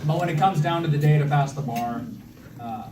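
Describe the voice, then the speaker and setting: A man's voice: on the high side, fairly quick, noisy background. A man in his thirties giving a wedding speech for his brother, joking and self-deprecating, with many fillers and restarts. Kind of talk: wedding toast. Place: wedding reception hall. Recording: echoey hall from far off, loud crowd ambience.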